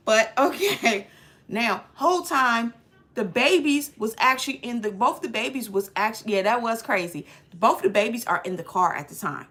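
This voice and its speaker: A woman giving a casual, slangy movie recap, retelling the plot with lots of filler and acting out scenes as she goes. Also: on the high side. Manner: lively storyteller acting out scenes. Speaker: movie reviewer.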